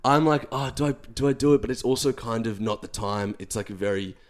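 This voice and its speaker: A man's voice: mid-range voice, brisk. A young man, co-hosting a podcast and telling a long self-deprecating story in casual chat with lots of fillers. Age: young adult. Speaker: podcast co-host.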